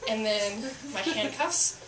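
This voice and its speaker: A woman's voice: mid-range voice, lively intonation, takes it slowly, reverberant, distant mic, background noise. A woman who is a police officer telling a story to a live audience, chatty and self-mocking with lots of fillers.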